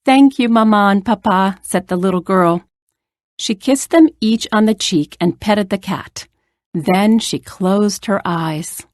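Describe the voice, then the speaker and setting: Slow, clear woman reading a children's story. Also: mid-range voice, darkish tone, no echo, clean studio sound. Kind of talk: children's read-aloud narration.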